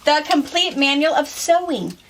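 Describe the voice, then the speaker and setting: A woman's voice: high-pitched, expressive, moderate pace, slight background noise. A woman co-hosting a casual box-opening chat, upbeat and reading product blurbs aloud. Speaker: shop host.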